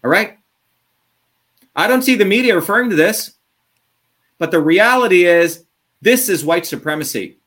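Man, slightly high-pitched, combative rant, profane, fast bursts and drawn-out words. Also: expressive, a bit bright. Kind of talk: impassioned interview talk.

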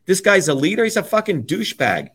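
A man who is a guest on an interview show, delivering a heated political rant that is profane, forceful and repetitive. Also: high-pitched, sing-song, fast talker, a little hiss or hum.

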